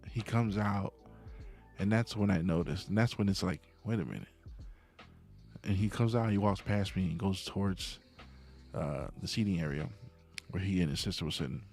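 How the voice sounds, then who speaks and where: A man with a low, gravelly voice talks to his livestream viewers late at night. He tells his story in a loose, meandering way and grows heated over questions of right and wrong, with faint music running behind him. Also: a little slow, long pauses, a little mellow. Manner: meandering, gets worked up about morals. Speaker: livestream host. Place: home at night.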